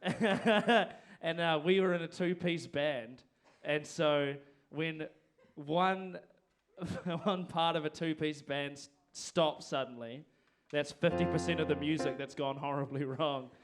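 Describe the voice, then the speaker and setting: This man's voice is fairly high and slow as he hosts live music on a performing arts venue stage. He speaks into a handheld microphone, rambling and self-deprecating.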